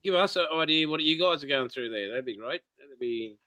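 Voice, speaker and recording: Bright, crisp-voiced host. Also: male voice, a little high, animated, fairly quick, low-quality recording. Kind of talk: casual livestream chat.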